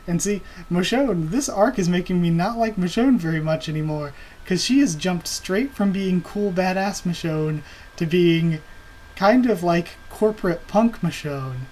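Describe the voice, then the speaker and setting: A man talking casually through his reaction to a comic, rambling and stopping to correct himself. His voice sits a little high for a man. Faint noise hums in the background. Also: measured pace, darkish tone, poor audio. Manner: rambling, many fillers and self-corrections. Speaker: comic reaction video host.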